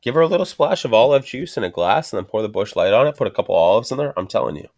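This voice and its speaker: A man's voice: on the low side, lively intonation, very fast, darkish tone. A man from Ontario in casual podcast chat, crude and swearing heavily. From Ontario, Canada. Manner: crude, heavy swearing, laughs a lot.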